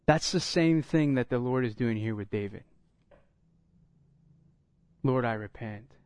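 A middle-aged man preaching a sermon, telling stories and acting out the dialogue, getting louder and higher when excited. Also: normal speed, no echo. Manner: animated storytelling, acts out dialogue, rises when excited. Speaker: pastor.

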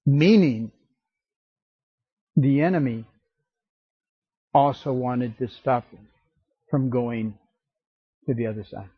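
A man preaching a sermon as pastor, slow and emphatic, acting out the scripture quotes. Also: medium pitch, husky, no room sound, lo-fi sound.

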